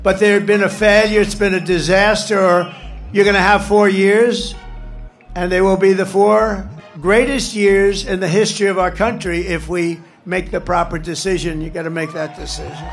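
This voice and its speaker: A man with a high voice speaks into a stage microphone at a rally. He rambles off the cuff and hammers his points by repeating short phrases, while faint music plays behind him. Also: steady tone, normal speed. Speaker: political candidate speaking at a rally. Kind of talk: campaign rally speech.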